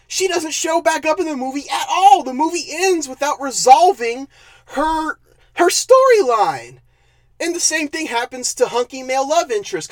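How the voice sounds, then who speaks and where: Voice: high-pitched, no room sound. A movie reviewer ranting in a sarcastic, exasperated way, stumbling over words when worked up.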